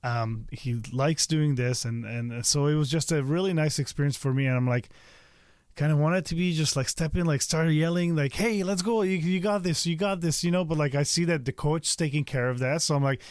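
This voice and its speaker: A middle-aged man hosting a podcast, talking in a relaxed, somewhat hesitant way and filling pauses with "uh" and "like". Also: on the high side, clear, resonant tone, dry recording, clean studio sound. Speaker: podcast host. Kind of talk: casual podcast conversation.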